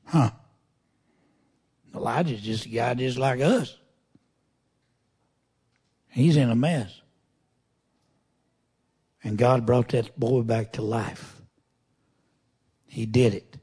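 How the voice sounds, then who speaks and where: A man delivers a sermon, reading passages of scripture and then stopping to ask the congregation pointed questions in a relaxed, folksy way. His medium-pitched voice is mellow and breathy, slow, with frequent pauses.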